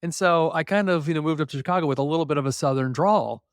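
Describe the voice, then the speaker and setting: A man's voice: on the high side, fast talker, clear, resonant tone, no echo, clean studio sound. A middle-aged man, a podcast guest, telling personal stories reflectively with hesitant fillers. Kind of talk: conversational interview.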